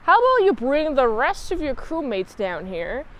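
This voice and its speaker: A woman's voice: high-pitched, very animated, normal speed, fairly bright tone, slight background noise. A woman voicing a lonely, self-pitying godlike alien man who pleads to be loved and worshipped. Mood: boastful.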